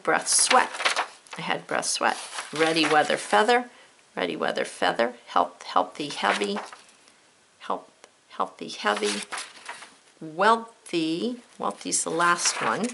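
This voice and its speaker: A woman's voice: on the low side, creaky, background noise. A woman teacher giving a patient, step-by-step spelling lesson, spelling words out letter by letter and checking in with young learners. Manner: addresses young learners directly with friendly checks.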